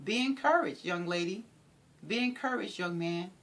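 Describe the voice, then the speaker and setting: A woman giving an inspirational talk in an animated, preacherly way, repeating phrases for emphasis. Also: mid-range voice, moderate pace. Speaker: motivational speaker.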